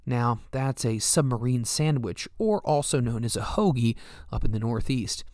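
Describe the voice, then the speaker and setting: A man reading a first-person memoir in a steady storytelling manner. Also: medium pitch, moderate pace, no room sound, studio quality. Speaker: narrator.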